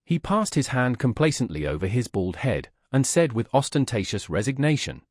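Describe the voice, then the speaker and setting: A man narrates a classic novel as an audiobook, reading in a measured, expressive way at medium pitch. This scripted narration is recorded dry, with studio quality.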